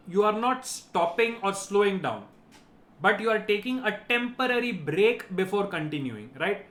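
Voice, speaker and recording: Here the teacher's voice sits high with a fairly bright tone as he works through vocabulary. Each word gets an explanation, key terms come up again, and he keeps tagging "right?" onto the end of his points.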